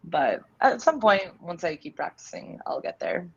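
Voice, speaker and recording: A woman tutoring English over a video call in a relaxed, chatty way, explaining with easy examples. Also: on the low side, normal speed, creaky, husky, lo-fi sound. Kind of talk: casual tutoring chat.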